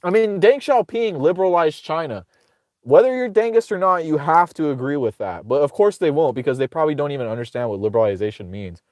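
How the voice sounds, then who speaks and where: A man's voice: a little high, animated, fast talker, darkish tone, no echo, clean studio sound. Sarcastic, profane ranting man. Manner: sarcastic, profane, rambling with many restarts. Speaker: political commentator host. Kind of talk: casual ranting livestream commentary.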